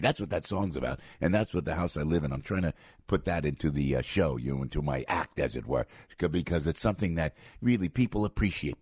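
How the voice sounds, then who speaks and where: A man's voice: lowish voice, slightly rough, no echo, studio quality. An older man hosting a morning radio show, in a fired-up, rambling monologue full of restarts. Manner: animated, rambling, with many restarts and fillers. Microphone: studio microphone.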